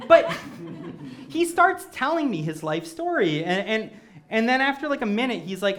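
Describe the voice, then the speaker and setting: A man performing stand-up storytelling on stage before a live audience, animated and self-mocking. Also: high voice, normal speed. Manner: animated, self-mocking, acts out quoted voices. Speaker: comedic storyteller.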